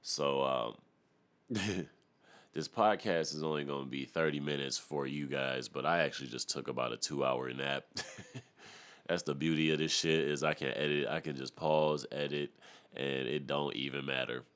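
Very deep-voiced man ranting on a podcast. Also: normal speed, smooth. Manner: profane, animated ranting with laughs. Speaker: podcast host. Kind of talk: casual solo podcast rant.

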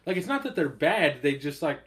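A man's voice: on the high side, big pitch swings, brisk, fairly bright tone. A man co-hosting a casual music chat, rambling with many fillers and some swearing. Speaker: podcast co-host.

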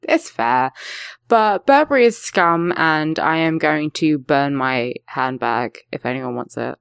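A young woman from England hosting a casual podcast chat, animated, swearing freely and laughing often. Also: sits low, takes it slowly, gravelly, clean tone, dry recording, clean studio sound. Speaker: podcast host.

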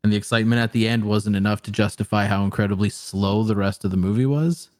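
A man's voice: lowish voice, steady tone, fast. A young man in casual chat, reviewing a film in a rambling way with lots of fillers and swearing. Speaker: podcast co-host reviewing a film.

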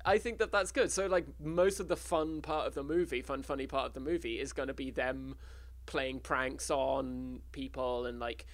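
An English man in casual comic chat, pitching a film plot with rambling restarts and giggly asides. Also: steady tone, moderate pace.

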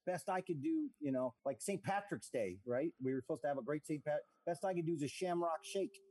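A man's voice: a little high, fairly quick, mellow. A middle-aged man, a comedian telling rambling, self-mocking jokes over a video call.

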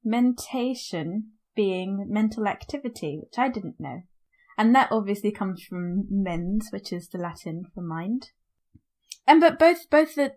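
A woman's voice: medium pitch, darkish tone. A woman co-hosting a podcast, chatting casually about a book and rambling with lots of fillers and asides. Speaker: podcast co-host. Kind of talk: casual book-club chat.

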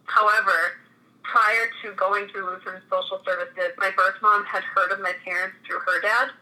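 A woman's voice: mid-range voice, fairly even intonation, normal speed, pushed and bright, poor audio. A woman in her thirties from Minnesota, telling her own story in a chatty way with many restarts. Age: 30s. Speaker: guest. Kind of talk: casual interview conversation.

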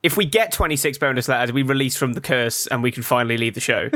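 A man's voice: mid-range voice, quick pace, bright, forceful tone, dry recording, clean studio sound. A man playing a comedy game show, joking with mock outrage and gamer slang. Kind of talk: improv comedy banter.

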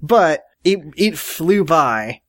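A man co-hosting a casual comedy podcast, his voice riding a fairly high pitch and swinging widely as he talks. He laughs often and drops into quick impressions while riffing on a TV episode. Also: sing-song, fairly bright tone. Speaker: podcast co-host. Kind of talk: casual comedic recap chat.

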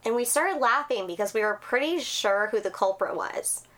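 A woman's voice: a little high, expressive, normal speed, fairly bright tone. A woman co-hosting a podcast, chatting casually and reading listener stories with lots of giggling and swearing. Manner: giggly, profane storyteller. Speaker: podcast co-host.

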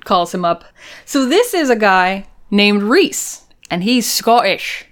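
Smooth-voiced woman chatting playfully. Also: mid-range voice, big pitch swings, takes it slowly. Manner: playful, jokey, acts out characters' lines. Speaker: podcast co-host recapping a TV episode. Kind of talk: casual chat.

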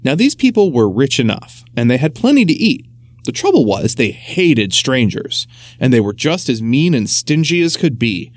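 A man reads a children's storybook aloud, his pitch rising and falling expressively through every sentence. The sound is close and dry, with no room around it. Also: big pitch swings, normal speed, dry recording.

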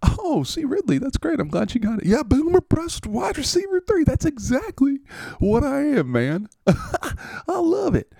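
A carefree, giggling Southern football player bubbles over in a squeaky high register. He leans on every "man" with giddy delight. The sound is close and dry, with a gravelly edge. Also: wildly swooping pitch, dark tone, no echo, heavily acted. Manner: giddy, laughing, drawn-out "man". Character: cheerful Southern male football player, easygoing. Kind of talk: comedic character bit on a podcast.

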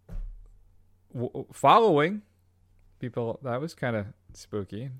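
A man's voice: fairly high pitch, very animated, measured pace, pauses often, fairly bright tone, no room sound. A man co-hosting a film podcast, rambling and joking with many fillers. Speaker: podcast co-host. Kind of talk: casual comedic film chat.

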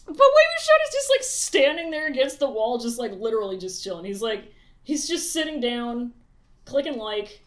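A woman's voice: a little high, sing-song, moderate pace. A woman co-hosting a casual chat, rambling and profane, often laughing as she recaps a show. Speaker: podcast co-host.

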